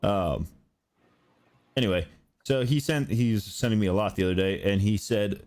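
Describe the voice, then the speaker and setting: A man's voice: fairly low pitch, moderate pace, pauses often, a little mellow. A man, a father, co-hosting a casual chat, laid-back and telling stories with easy laughs.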